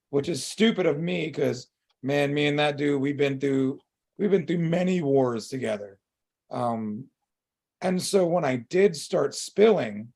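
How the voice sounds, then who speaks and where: A man with a high, husky voice and a gravelly edge, speaking candidly as a podcast co-host. He talks openly about his feelings, swearing freely and stringing thoughts together with plenty of "um" and "like.". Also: a little mellow. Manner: open and emotional, swears freely, many fillers. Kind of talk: candid casual chat.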